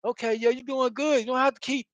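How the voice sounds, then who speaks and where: A man's voice: very high-pitched, flat delivery, racing, no echo, voice pushed up. A man voicing God as a weary figure, impatient and brushing off endless thanks, in a dry close recording. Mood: exasperated.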